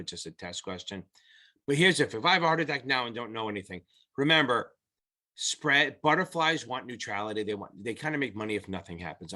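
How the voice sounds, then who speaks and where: Covering exam material in an unscripted, casual whiteboard lesson, this middle-aged man has a bright, forceful, mid-range voice. His explanations ramble and repeat, and he's blunt and salty with his language.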